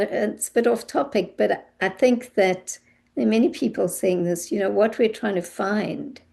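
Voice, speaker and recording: Woman teacher, dark gravelly voice, measured and thoughtful delivery. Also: medium pitch. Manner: thoughtful, searching for words with restarts. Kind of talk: class discussion.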